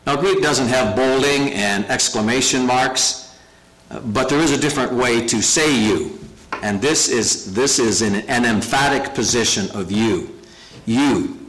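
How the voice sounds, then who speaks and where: A pastor preaching a sermon, earnest and emphatic, slowing down to stress key phrases. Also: male voice, medium pitch, a bit bright, low-quality recording.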